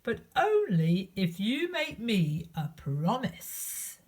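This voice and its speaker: Friendly little frog guy, patient and gentle, storybook voice, lady doing it, bit breathy. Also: mid-range voice, very animated, slow, pitched above the performer's own voice, heavily acted. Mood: kindly. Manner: patient, kindly, then indignant. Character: friendly small male frog.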